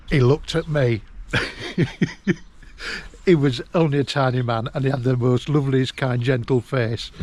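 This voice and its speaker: A man, telling a personal memory in a halting, emotional way and laughing through it, recorded outdoors in a garden. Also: mid-range voice, mellow, slight background noise. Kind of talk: casual storytelling.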